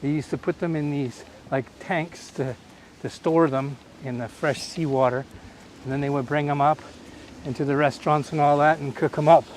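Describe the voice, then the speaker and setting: A man raised in Canada hosts a live-streamed coastal walking tour, chatting easily and pointing out sights to viewers. His voice sits a little high. Faint outdoor noise runs behind him. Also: steady tone, moderate pace. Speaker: host.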